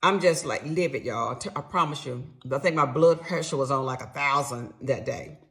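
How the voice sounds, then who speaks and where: A middle-aged woman tells her own story straight to her viewers. Her voice has a gravelly, creaky edge, and she talks with animated emphasis, cursing freely as she goes. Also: very deep voice, moderate pace. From Atlanta, USA. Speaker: storyteller recounting personal experience.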